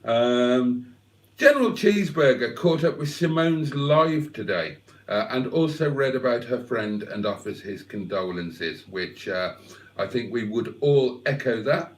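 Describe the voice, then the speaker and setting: A man's voice: mid-range voice, animated, measured pace, recorded from a distance. A man hosting a casual livestream, joking as he reads out viewer comments. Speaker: livestream host.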